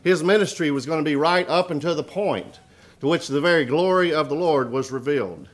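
A man's voice: on the high side, brisk. Preaching man with a raised voice. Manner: preaching cadence, quoting scripture, frequent "uh" fillers and restarts. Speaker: Primitive Baptist preacher. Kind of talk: sermon.

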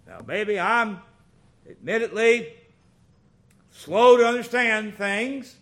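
A middle-aged man preaching a sermon, folksy and animated, telling stories with big swings in loudness. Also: high-pitched, takes it slowly, long pauses.

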